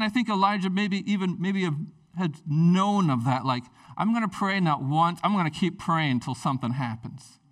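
A man preaching a casual, excitable sermon, chatty and animated. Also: on the high side, far from the mic. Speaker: pastor.

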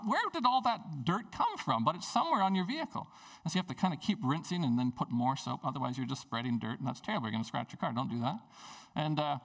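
A man's voice: a little high, creaky, a bit bright, distant mic. A man, a pastor, preaching a sermon at a church service in a conversational, storytelling way.

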